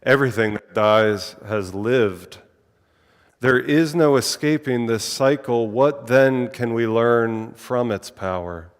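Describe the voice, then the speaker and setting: A man's voice: mid-range voice, slow pace, clean tone. A man from Virginia, a minister, giving a sermon and spoken prayer, playful with wordplay and then solemn. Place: church sanctuary. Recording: long hall reverb.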